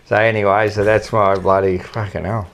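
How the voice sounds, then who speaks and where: A man's voice: on the low side, little pitch movement, moderate pace, a bit bright. A man co-hosts a loose, casual podcast chat. He rambles through anecdotes and swears freely as he goes. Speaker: podcast co-host.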